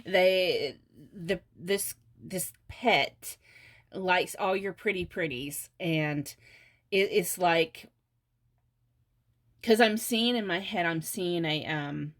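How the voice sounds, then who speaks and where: Slow, low-voiced giggly tarot reader woman. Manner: giggly, halting with many fillers. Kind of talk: casual pick-a-card reading.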